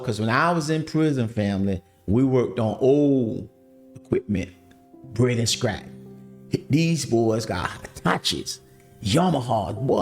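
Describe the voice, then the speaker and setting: Man, podcast testimony, lively storyteller, faint music bed. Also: mid-range voice. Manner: animated, addresses listeners as family. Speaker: podcast host telling his story.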